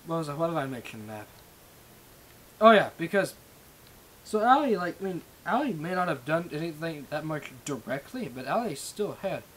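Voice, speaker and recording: A man's voice: fairly high pitch, slight background noise, low-quality recording. A young man hosting a livestream, ranting in a rambling, profane way with lots of restarts. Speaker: livestream host. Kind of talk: ranting casual monologue.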